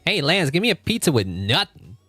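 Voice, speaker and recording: A man voicing a cheeky, demanding little male cartoon character in a raised, excited voice. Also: a little high, brisk, no echo, soft background music, pitched above the performer's own voice, exaggerated voice.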